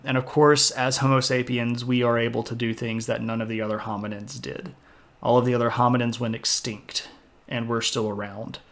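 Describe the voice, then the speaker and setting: Chatty man giving a casual history lecture. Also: mid-range voice. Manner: conversational, digressive, self-deprecating asides.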